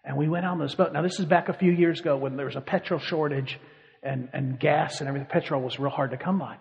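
A man preaching, telling a lively story with animation and frequent laughter. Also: on the high side, fast, vocal fry, long reverb tail, muffled recording, faint music behind. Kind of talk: sermon storytelling.

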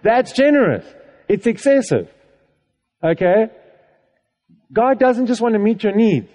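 A man's voice: high-pitched, sing-song, unhurried, darkish tone. A man preaching a sermon to a congregation in a casual, conversational way, checking in with them often and laughing along. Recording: echoey hall reverb.

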